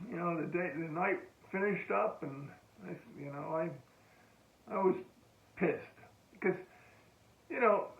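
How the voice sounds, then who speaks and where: An older American man, a veteran, recounting a story in a halting oral-history style with frequent restarts and chuckles. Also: fairly high pitch, gravelly. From United States. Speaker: veteran telling a war story. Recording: tinny phone-like echoey room.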